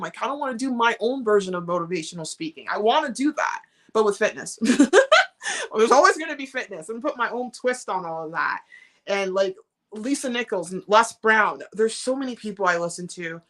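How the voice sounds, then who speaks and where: Bright-voiced woman hosting a live chat. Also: mid-range voice. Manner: warm, encouraging, reads chat comments aloud. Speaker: live stream host. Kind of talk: casual live-stream chat.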